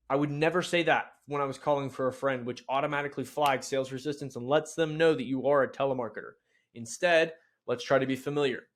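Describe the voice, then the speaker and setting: A man giving a sales training lesson in a blunt, casual, energetic way, with mild swearing. He acts out phone lines with a bright, rising tone. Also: mid-range voice, fast. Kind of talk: instructional video talk.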